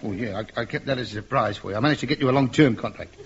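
An actor playing a scheming, smooth-talking agent with a chummy, wheedling manner, in a 1950s radio comedy. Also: male voice, medium pitch, very fast, lightly acted. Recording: dull old radio recording with faint hiss.

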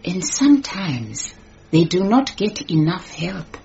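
Mma Ramotswe, calm and shrewd. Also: female voice, lowish voice, gravelly, slight background noise, heavily acted. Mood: sly. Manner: measured, polite, pointedly sly. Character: shrewd, calm, composed woman, newly engaged. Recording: dull lo-fi radio recording.

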